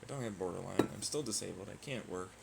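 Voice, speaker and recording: A man's voice: low-pitched, quick pace, gravelly, very noisy. A man vlogging in a profane, sarcastic and taunting rant. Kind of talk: ranting monologue.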